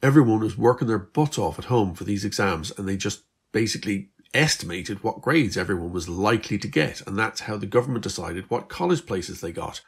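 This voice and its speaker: A man's voice: on the low side, lively intonation, a little fast, few pauses, breathy edge. A man voicing Beth, an Irish teenage girl who is weary but hopeful, in a slightly raised, chatty, earnest voice. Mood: explaining.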